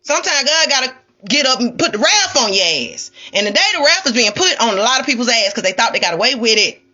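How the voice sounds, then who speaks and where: Woman, spiritual streamer, sassy and preachy, lively swooping delivery. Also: on the high side, fast talker, highs cut off. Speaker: spiritual livestreamer. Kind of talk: ranting livestream monologue.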